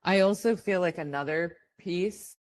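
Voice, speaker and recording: A woman's voice: on the low side, measured pace. A woman hosting a podcast, chatting casually and reflectively with her guest. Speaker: podcast host. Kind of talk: casual interview conversation.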